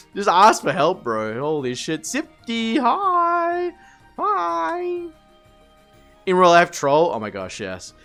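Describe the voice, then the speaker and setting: A man streaming live, rambling through animated work stories to his chat, swearing and laughing as he goes. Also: fairly high pitch, a little slow, soft background music.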